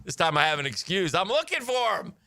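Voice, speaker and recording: A man co-hosting a sports radio show, telling a story in a lively, animated way with a studio mic. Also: high-pitched, fairly quick. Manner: animated storyteller acting out neighbors' voices. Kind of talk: casual storytelling chat.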